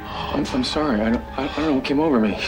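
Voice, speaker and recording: An actor playing a desperate, hot-tempered restaurant owner in a 1990s TV horror drama, shouting and then apologizing in a panic. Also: male voice, medium pitch, quick pace, over loud music, lightly acted, poor audio. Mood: furious, panicked.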